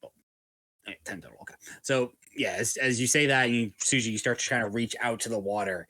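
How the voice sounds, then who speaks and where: A man's voice: medium pitch, fast, bright, forceful tone, no room sound. A man running a tabletop game as game master, describing scenes in a loose, descriptive way. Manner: descriptive, loose, filler-heavy.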